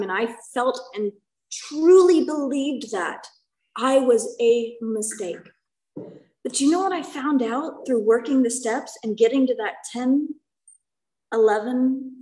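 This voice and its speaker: A middle-aged woman sharing her own story as a recovery meeting speaker. Her voice sits a little high, and her delivery is earnest and conversational, often checking in with a quick "right?". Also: poor audio. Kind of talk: personal testimony.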